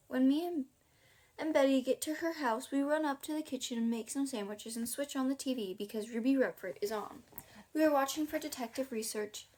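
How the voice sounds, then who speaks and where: A woman reading a children's novel aloud for a homemade audiobook. Her voice sits a touch high, and her delivery is casual and chatty, with little asides. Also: a little mellow. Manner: casual, breaks off to chuckle and comment. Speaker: audiobook reader.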